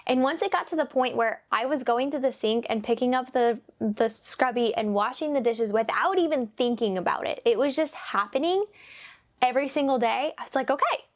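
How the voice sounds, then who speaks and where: A woman's voice: on the high side, brisk. A young woman talking casually and earnestly as a parenting vlogger, confiding and repeating phrases for emphasis. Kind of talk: casual personal talk to camera.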